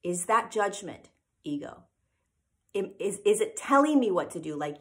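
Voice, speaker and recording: A woman gives an informal spiritual teaching talk at a steady, mid-range pitch. She speaks earnestly and emphatically and keeps checking in with her listeners, tagging "right?" onto her points. She sounds like she is talking straight to a group. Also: unhurried. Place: live event replay.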